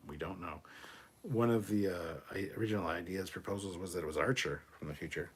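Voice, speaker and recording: A man hosting a casual livestream, reading viewer comments aloud and answering them in a relaxed, off-the-cuff way, swearing freely. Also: low voice, fairly quick, a little hiss or hum. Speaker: livestream host reading chat. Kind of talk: casual live chat.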